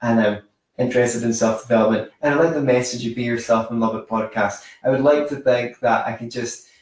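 A man teaches social skills in a loose, rambling way, full of anecdotes and self-corrections. His voice is mid-pitched and comes from a distance, in a strongly echoing room. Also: a little fast, a little mellow. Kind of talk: informal teaching monologue. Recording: very echoey room, mic far off.

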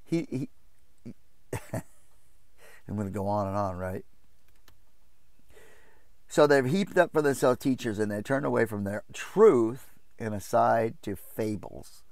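A man preaching an informal Bible study from his RV, impassioned and quick to mock opposing views in a raised voice. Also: gravelly, a little mellow, no room sound. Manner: impassioned, jumps into mocking high voices to quote others.

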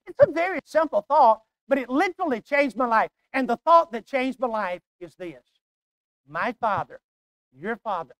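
Emphatic older male preacher, clear voice. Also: sits high, no room sound. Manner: emphatic, repetitive, swings from hushed to loud. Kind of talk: sermon.

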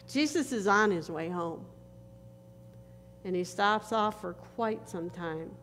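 Slow, earnest woman preaching in a church. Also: medium pitch, fairly bright tone. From northern United States. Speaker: pastor. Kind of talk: sermon. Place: church sanctuary. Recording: reverberant church hall with faint noise.

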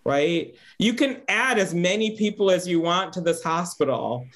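A man with a fairly high voice speaks earnestly as he hosts a reflective interview. He thinks aloud in searching, winding sentences, checking in with his guest as he goes. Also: expressive, normal speed, fairly bright tone. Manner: earnest, searching, many "right?" tags. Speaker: host.

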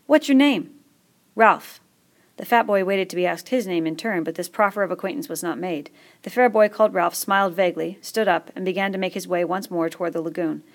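A woman with a low voice and a gravelly creak narrates a novel aloud. Her storytelling is steady and measured, paced for listening. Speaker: audiobook reader. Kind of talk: scripted narration.

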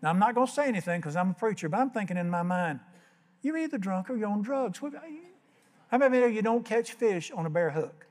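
A man's voice: high-pitched, lively intonation, fast talker, big-room sound. An older man preaching a sermon as pastor, telling folksy stories and acting out the voices. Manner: folksy storytelling, acts out voices.

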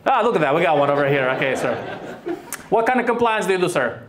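A man works the room as a stand-up comedian, teasing people in the audience and laughing between jokes. His voice sits high. The sound is roomy, with the crowd audible around him. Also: animated. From Romania. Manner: teasing, quick-witted, laughs often. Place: comedy club stage with audience. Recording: echoey club with crowd laughter.

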